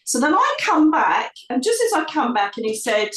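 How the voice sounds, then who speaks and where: A woman with a slightly high voice tells a long personal story as an interview guest. She is lively and chatty, laughs often, and mimics the people she quotes. The sound is roomy, and she sits some way from the microphone. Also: normal speed, hardly any pauses. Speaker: psychic medium guest. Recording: roomy sound, distant from the mic.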